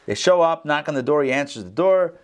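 A man teaching an online class, telling stories with lively acted-out voices over a video call. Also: fairly high pitch, brisk, clean tone. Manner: animated storyteller, acts out the characters. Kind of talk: casual lecture with storytelling.

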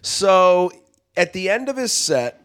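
A man's voice: high-pitched, very animated, slow pace, a bit bright, clean tone. A male comedian telling a story on a podcast in a casual way, acting out other people's lines as he goes. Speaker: touring comedian, guest.

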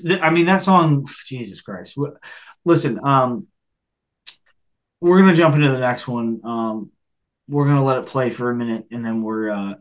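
A man co-hosting a podcast, musing and hedging, then introducing the next track. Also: medium pitch. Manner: musing, hedging, hosts the segments. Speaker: podcast co-host. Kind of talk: casual album discussion.

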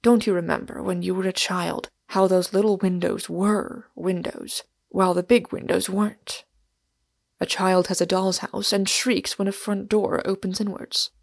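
A woman reading the lines of a huge, earnest, wistful Englishman in an audiobook, in a soft, confiding manner. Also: mid-range voice, level tone, moderate pace, vocal fry, no echo.

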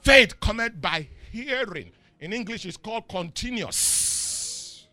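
A middle-aged man with a Nigerian accent preaching a sermon in call-and-response style. He swings from soft asides to shouts and chuckles often. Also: high-pitched, lively intonation, slow pace, no echo. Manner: chuckles often mid-sentence. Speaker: pastor.

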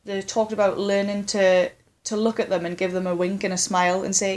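A woman's voice: mid-range voice, flat delivery, a little fast. A woman hosting a casual conversation who laughs often and gives short encouraging replies.

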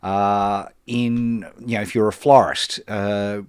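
A man's voice: lowish voice, steady tone, slow pace, smooth, dry recording, studio quality. A man hosting a live stream, explaining business ideas in an emphatic, off-the-cuff way with many fillers and restarts. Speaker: host answering business questions.

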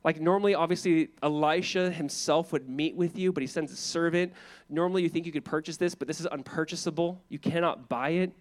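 A man preaching a sermon as pastor, casual and animated, acting out people in the story with quick voices. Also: on the high side.

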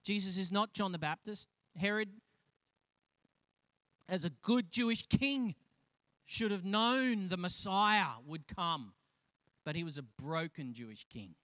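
A man preaching a sermon, animated and acting out the voices of the people in his stories, with frequent restarts. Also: high voice, a little slow, long pauses, no room sound. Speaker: pastor.

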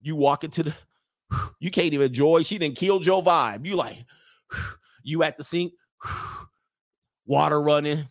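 A man's voice: a little high, a little slow, long pauses, no echo, clean studio sound. Joking man ranting on a stream. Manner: loud, joking, animated, slangy. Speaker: livestream host reading chat. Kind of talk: comedic livestream rant.

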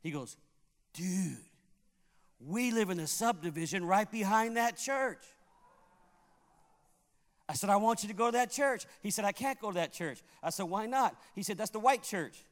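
A pastor from Puerto Rico preaches a sermon in a high voice at a moderate pace, leaving long pauses, with long hall reverb on the recording. He tells a story animatedly, acting out its characters.

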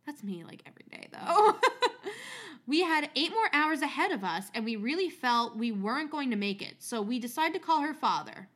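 A woman's voice: sits high, animated, a little fast, hardly any pauses, fairly bright tone. A woman hosting a podcast, reading a story aloud with casual asides, chatty and swearing freely.

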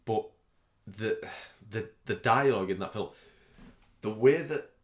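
A man's voice: on the low side, unhurried. A man co-hosting a podcast, chatting casually and rambling with many fillers. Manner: rambling, laughs often, slips into silly voices. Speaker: podcast co-host. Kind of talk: casual chat. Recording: roomy echo.

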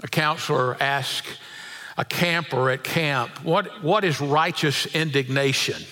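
A man's voice: fairly high pitch, takes it slowly, pushed and bright. A middle-aged man preaching a sermon, telling folksy stories with chuckles and often repeating his words. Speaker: pastor.

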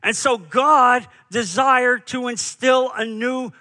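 A man's voice: very high-pitched, slow pace, sharp tone. A man preaching a sermon as pastor, emphatic, with rhetorical questions and repeated phrases.

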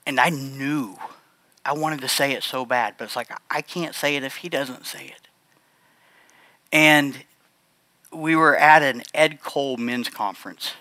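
A man giving a heartfelt personal testimony to a congregation, speaking earnestly and haltingly, often restarting his sentences. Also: mid-range voice, fairly even intonation, sharp tone, no room sound. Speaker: church speaker sharing a testimony.

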